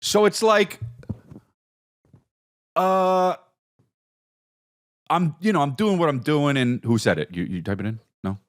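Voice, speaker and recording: A man's voice: a little high, slow, long pauses. A man hosting a podcast, rambling through a profane, comedic solo monologue that jumps between topics. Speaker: podcast host.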